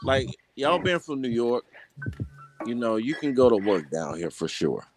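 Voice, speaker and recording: A man's voice: mid-range voice, sing-song, normal speed, slight background noise. A man in a casual group chat, telling stories in a laid-back, drawling way.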